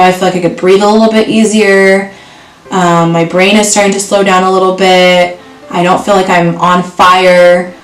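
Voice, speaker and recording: Woman vlogger, roomy and distant. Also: medium pitch. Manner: candid, earnest retelling. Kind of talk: personal storytime. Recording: roomy echo from far off, faint music.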